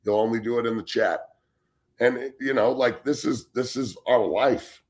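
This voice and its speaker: Speaking at normal speed in a mid-range voice, a former football player in his forties rants as a guest on a relaxed sports show. He's blunt and heated, curses heavily, and often stumbles into restarts, repeating words as he begins.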